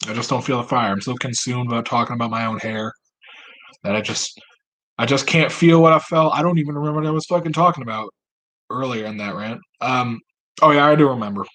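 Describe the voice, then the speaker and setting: Guy rambling to his camera at home, kinda husky, swears a lot and jokes about himself. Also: mid-range voice, fast talker, pushed and bright. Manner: rambling, profane, self-mocking. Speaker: vlogger. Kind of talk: rambling solo monologue.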